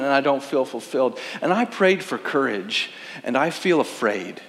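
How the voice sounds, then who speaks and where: A man's voice: medium pitch, big pitch swings, moderate pace, fairly bright tone. A man, a pastor, preaching a sermon in earnest with rhetorical questions. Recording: reverberant hall.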